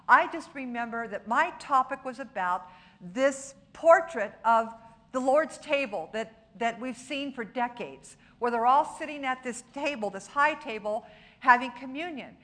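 A middle-aged woman preaches in a fairly high voice. She speaks earnestly and sinks into a soft, hushed tone when praying. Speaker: pastor. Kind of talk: sermon.

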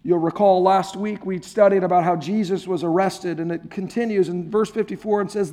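High-voiced pastor preaching casually. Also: male voice, steady tone, a little fast, few pauses, mellow. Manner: conversational and playful, jokes with the congregation. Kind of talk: sermon. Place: church service before a congregation.

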